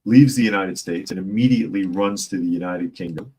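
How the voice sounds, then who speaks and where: A man's voice: deep voice, fairly quick, dark tone, a little hiss or hum, poor audio. A man hosting a casual opinion show on the news, sarcastic and improvising jokes while reading articles. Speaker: news commentary host.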